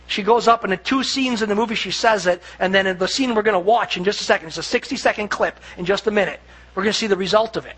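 Give me a high, bright-voiced male pastor telling a story in a sermon. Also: fast talker, breathy edge, rough recording. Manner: conversational storytelling, frequent restarts and emphatic repetition.

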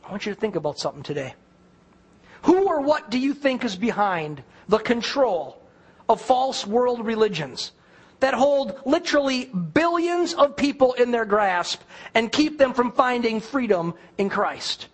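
Male pastor, high for a man, earnest storytelling sermon delivery. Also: very animated, measured pace, slightly rough. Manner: earnest, storytelling preacher, addresses congregation directly.

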